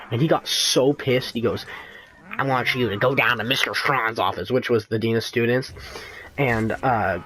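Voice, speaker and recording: A man's voice: mid-range voice, a little hiss or hum, rough recording. A teenage boy telling a rambling school story over gameplay, full of fillers and restarts. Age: teens. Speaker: gaming commentator.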